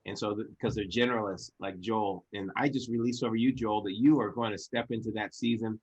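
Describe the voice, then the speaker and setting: A man's voice: lowish voice, steady tone, a little fast, a little mellow, slightly rough, muffled recording. A man hosting an online business event, heaping praise and blessings on his guest in a fervent motivational style, often restarting and repeating his phrases. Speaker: host.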